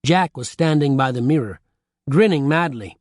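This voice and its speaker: A man narrating an audiobook with lively storytelling on a close studio mic. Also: mid-range voice, normal speed, dry recording.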